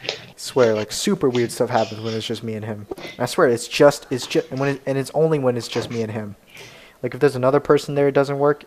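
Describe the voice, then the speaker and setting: A man's voice: medium pitch, darkish tone, low-quality recording. A young man, a podcast co-host, telling a rambling story in casual chat and laughing often. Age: young adult.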